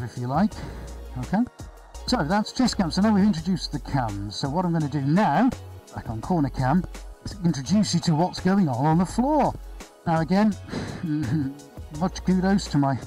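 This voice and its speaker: A man's voice: fairly high pitch, warm tone, rough recording. Chatty man hosting a live art stream. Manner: chatty, upbeat, rambling with fillers. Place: indoor studio floor with extractor fan.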